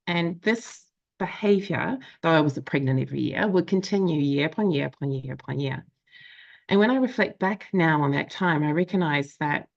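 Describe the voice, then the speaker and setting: A low-pitched woman in her thirties recounts her own story in a candid, reflective way. She slips into quoted inner voices and fills her talk with ums. The audio is a little dull and lo-fi. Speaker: life coach and show host. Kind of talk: candid personal storytelling to an audience.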